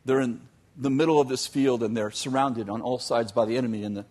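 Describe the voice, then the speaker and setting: A man telling a long story in a sermon, animated, with joking asides to his audience. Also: mid-range voice, a little fast. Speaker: youth teacher.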